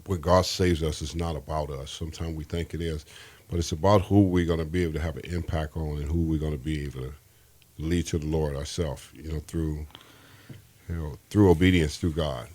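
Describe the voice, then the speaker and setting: Very deep-voiced man. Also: steady tone, fairly quick, darkish tone. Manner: rambling, earnest, often restarts sentences. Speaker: interview guest. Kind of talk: personal faith testimony.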